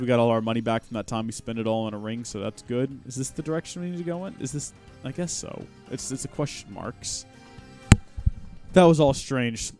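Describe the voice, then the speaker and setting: Man, let's play commentary, headset mic, pitch swinging up and down, sarcastic jokes, soft music underneath. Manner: animated, jokey, sarcastic asides. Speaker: gaming livestream host.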